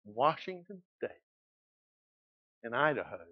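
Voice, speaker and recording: Southern pastor preaching with rising emphasis. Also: male voice, mid-range voice, lively intonation, slow pace, no room sound. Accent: Southern American (Georgia). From South Georgia, USA. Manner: preaching with swelling, emphatic repetition. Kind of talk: sermon. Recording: dull lo-fi sound.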